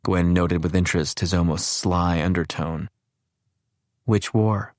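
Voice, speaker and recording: A man narrates an audiobook in an even, measured way. His voice sits very low, and the recording is close and dry with no room sound. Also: no echo. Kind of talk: scripted narration.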